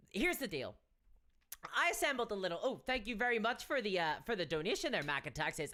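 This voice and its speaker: A woman's voice: medium pitch, sing-song, a little fast, bright, forceful tone. An Irish woman hosting a casual live stream, chatty and wry, with frequent restarts. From Ireland. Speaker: miniatures channel host.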